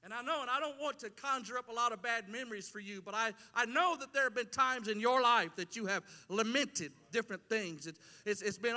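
Man, middle-aged pastor, very high and bright-toned, passionate repetitive sermon style, long church-hall echo. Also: brisk, hardly any pauses. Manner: impassioned preaching with repeated phrases. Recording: long reverb of a large hall.

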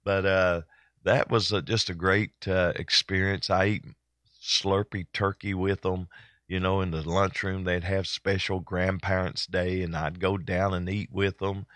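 An older man, hosting a church broadcast in a folksy, rambling way full of pauses and fillers. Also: deep voice, little pitch movement, a bit bright, no echo. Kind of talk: casual chat.

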